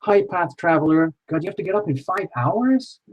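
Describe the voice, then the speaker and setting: A man's voice: sits high, lively intonation, moderate pace, rough recording. A man hosting a live tarot reading stream, chatting casually and reassuringly with viewers.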